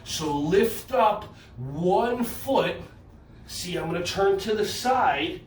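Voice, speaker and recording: A man with a New Jersey accent leads a children's yoga class, his high voice leaping up and down as he cheers the kids on. He talks in an unhurried, playful way. The sound is roomy and echoing, caught from a few steps away. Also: animated, recorded from a distance, slight background noise. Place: indoor room.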